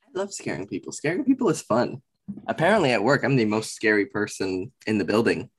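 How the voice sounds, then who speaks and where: A man's voice: fairly low pitch, expressive, fairly quick, breathy edge. A man co-hosting a podcast in casual chat, playful and theatrical in how he talks. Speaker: podcast co-host.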